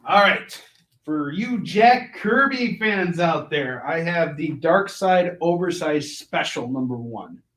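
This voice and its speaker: A man hosting a live comic shopping show, giving an animated, jokey sales pitch and shouting silly sound effects. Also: slow, echoey room.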